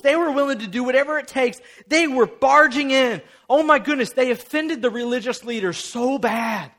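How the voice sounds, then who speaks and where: A young man preaching a sermon, retelling a story in an animated, playful way and acting out the characters. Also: very high voice, normal speed, few pauses. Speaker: pastor.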